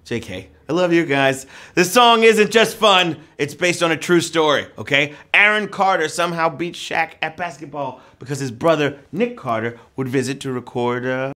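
A man hosting a live trivia game show, playful and joking, with loud whoops. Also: a little high, normal speed, few pauses.

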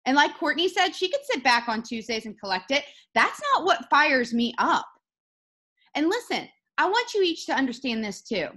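A woman hosting a video call, giving an energetic, emphatic motivational talk to her team. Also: sits high, moderate pace. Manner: energetic and emphatic, rising to excited peaks.

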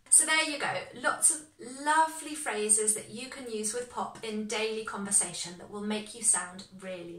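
A woman in her thirties, a teacher explaining phrases slowly and clearly with example sentences. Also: on the high side, sharp tone, roomy sound, distant mic. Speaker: English teacher. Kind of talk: online language lesson.

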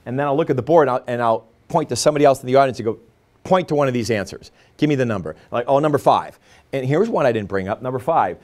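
Man, American, sales trainer, animated pitch, conversational, middle voice. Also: quick pace. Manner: energetic, conversational, acts out customer dialogues. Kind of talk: motivational training talk to camera.

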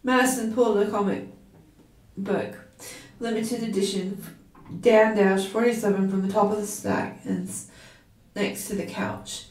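A woman reading a chapter of a story aloud in a steady storybook style, now and then restarting a word. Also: medium pitch, measured pace, pauses often. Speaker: story reader. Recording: roomy, from a distance.

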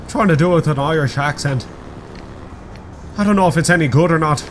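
A man doing excitable let's play commentary, rambling and swearing often. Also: a little high, normal speed, long pauses, a little hiss or hum. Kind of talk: gameplay commentary.

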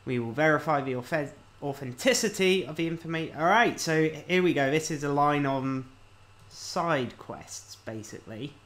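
Slightly high-voiced man narrating gameplay. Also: moderate pace. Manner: reads on-screen game text aloud, thinking out loud. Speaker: let's-play host. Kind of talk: casual video game commentary.

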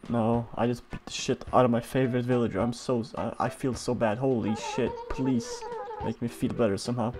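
A man giving casual, playful, chatty commentary while playing a cartoon life-sim game, easily excited and swearing freely. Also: mid-range voice, a little fast. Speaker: gaming streamer. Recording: game music behind.

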